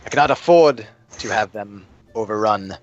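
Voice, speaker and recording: A stately king with a lowish voice and grave, formal manners, as a game master puts him on. He speaks in measured, slow phrases while soft music plays behind. A tabletop game ruler, dignified and earnest. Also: expressive, lo-fi sound. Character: solemn middle-aged male king of a small realm.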